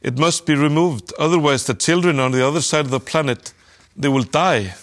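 A man's voice: fairly high pitch, brisk, fairly bright tone, lightly acted. A man voicing a group of worried, pleading children in a storybook reading, earnest in tone.

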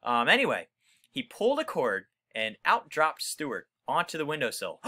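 A man reads a children's story aloud, stopping to explain words to young listeners. His voice is bright and lively, swinging widely in pitch. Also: moderate pace. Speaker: reader for children. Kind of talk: reading a children's book aloud.

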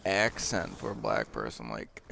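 A man's voice: a bass voice, big pitch swings, slow pace, gravelly, noisy background. A young man giving casual, rambling gameplay commentary, full of hesitant fillers.

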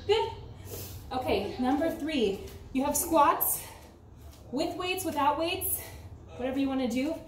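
A woman's voice: high-pitched, animated, measured pace, pauses often, slight background noise. A woman fitness instructor from the United States, coaching a home workout and counting reps while exercising, a little out of breath. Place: home room with ceiling fan. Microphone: camera some distance away. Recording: roomy, distant from the mic, with music. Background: background music.

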